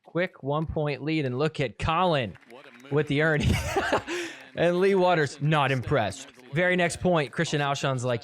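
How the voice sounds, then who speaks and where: A man's voice: fairly high pitch, moderate pace. Playful man recapping match footage. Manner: playful, teasing, laughs often. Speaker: podcast host. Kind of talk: casual play-by-play recap over match footage.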